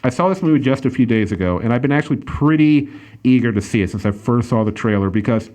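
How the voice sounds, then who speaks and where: A man's voice: mid-range voice, expressive, fast talker, a little mellow. A man hosting a casual podcast, reviewing a movie in a rambling way with lots of fillers and restarts. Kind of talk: casual chat.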